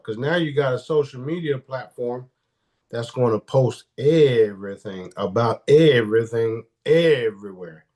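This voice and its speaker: A man's voice: a little high, darkish tone. A man speaking as a guest in a casual live-stream interview, blunt and profane, often restarting his sentences.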